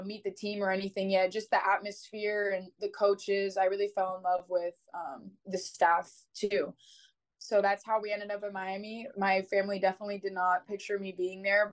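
A woman's voice: medium pitch, rough recording. Young woman, college sprinter guest, casual chatty storyteller. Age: young adult. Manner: chatty, animated, many "like" fillers.

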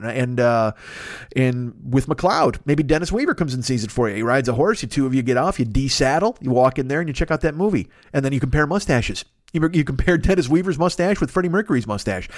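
Man, solo podcast host, rapid rambling rant, swears a lot, dry sound. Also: fairly high pitch, dry recording. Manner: profane, rambling, riffing with voiced asides. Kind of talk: casual solo monologue.

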